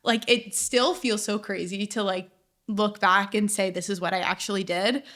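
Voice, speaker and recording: A woman in her twenties, guest on a casual podcast interview, telling her story in a chatty way, full of "like" and quick laughs. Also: medium pitch, steady tone, a bit bright. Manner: chatty storyteller, heavy use of "like", laughs often. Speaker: guest chef.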